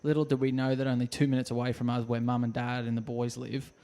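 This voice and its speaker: Aussie bloke on a podcast, telling a funny hospital story, does voices and sound effects. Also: male voice, mid-range voice, flat delivery, fast talker, warm tone. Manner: jokey, acts out quotes with sound effects. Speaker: podcast co-host. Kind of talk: casual storytelling chat.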